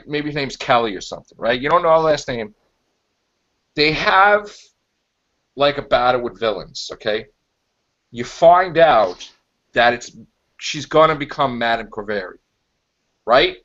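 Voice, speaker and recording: A man co-hosting a casual podcast chat, rambling and animated as he pitches ideas and acts out quick quotes. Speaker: podcast co-host. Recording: dull lo-fi sound.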